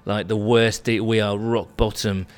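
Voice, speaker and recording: A man's voice: lowish voice, flat delivery, unhurried, smooth. Man hosting a podcast. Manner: reads out listener tweets with wry asides. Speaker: podcast host. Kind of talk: casual podcast chat.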